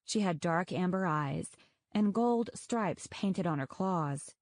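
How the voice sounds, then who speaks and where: A woman narrating an audiobook in a measured, even way. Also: on the low side, no room sound. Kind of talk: scripted narration.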